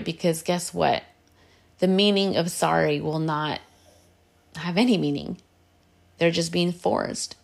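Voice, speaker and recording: A woman's voice: sits low, creaky. A woman speaking in an earnest, direct coaching tone about everyday habits, sometimes slipping into Spanish phrases. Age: adult with a partner and kids. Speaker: podcast host giving advice. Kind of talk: casual advice talk.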